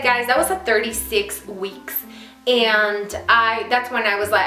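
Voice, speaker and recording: Young woman vlogging, bright voice, chatty n fed up, echoey room w faint music. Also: fairly high pitch, unhurried. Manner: chatty and exasperated, many fillers. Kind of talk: casual chat to camera.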